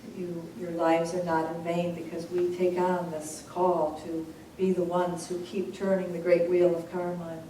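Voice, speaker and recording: A woman minister leading a congregation in slow, measured sutra chanting, then speaking softly and conversationally. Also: lowish voice, level tone, a little hiss or hum. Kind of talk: call-and-response sutra chanting and sermon. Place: large hall with a congregation. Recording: echoey hall, voice from far off, congregation audible.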